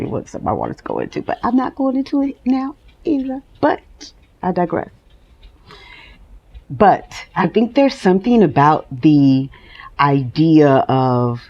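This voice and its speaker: Woman podcasting from home, low slow voice, open and emotional, laughs a lot. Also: a little mellow, highs cut off. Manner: candid and emotional, laughs often. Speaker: podcast host. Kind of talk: personal monologue.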